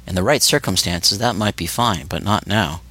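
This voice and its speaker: A man's voice: low voice, moderate pace, sharp tone, dry recording. A man voicing a leering, creepy male kidnapper who taunts and sneers.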